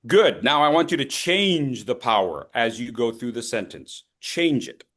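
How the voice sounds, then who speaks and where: A man leading an online public speaking workshop, coaching participants and swinging between loud and soft to demonstrate. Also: medium pitch, expressive, a little slow.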